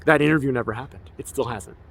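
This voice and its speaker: A man's voice: mid-range voice, quick pace, gravelly, a bit bright, slightly rough. A man in his forties, an activist, delivering an emotional, rambling personal documentary monologue with an aggrieved tone. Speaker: activist and filmmaker.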